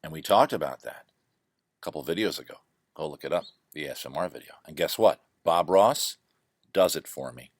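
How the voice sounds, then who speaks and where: A man's voice: extremely low pitch, expressive, fairly quick, no room sound. A man chatting casually to camera at home through his laptop mic, rambling and joking at his own expense. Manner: rambling, self-deprecating, full of digressions. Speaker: vlogger. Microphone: laptop microphone.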